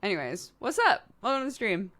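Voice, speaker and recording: A woman's voice: a little high, sing-song, fairly quick, a bit bright. A woman streamer in casual livestream chat, rambling playfully and laughing often.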